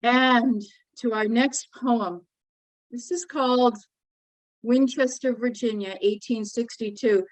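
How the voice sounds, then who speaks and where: A woman poet and author giving a book talk, speaking in an earnest, measured and emotionally moved way. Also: fairly high pitch, fairly even intonation, no echo, rough recording. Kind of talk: book talk with poetry reading.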